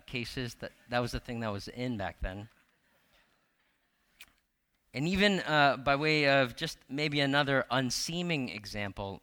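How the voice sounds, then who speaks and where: A man's voice: medium pitch, pushed and bright. A man in his thirties preaching a sermon as a pastor, telling a personal story conversationally with many fillers and repeated words, often asking the congregation questions.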